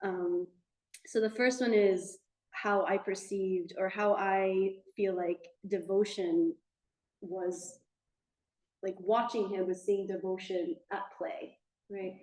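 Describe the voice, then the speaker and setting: A woman's voice: mid-range voice, steady tone, slow pace, a little mellow. Thoughtful woman in a roomy studio. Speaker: teacher speaking at a memorial gathering. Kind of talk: casual personal reflection. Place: yoga studio, indoors.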